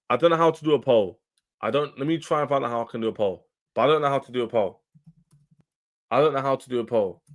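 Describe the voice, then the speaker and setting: A man hosting a football livestream, talking casually and animatedly to his chat in slang. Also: medium pitch. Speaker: football channel livestream host.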